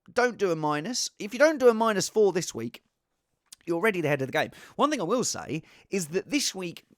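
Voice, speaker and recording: A man giving casual, rambling fantasy football advice in an excitable, self-deprecating way. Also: fairly high pitch, creaky, no room sound, studio quality.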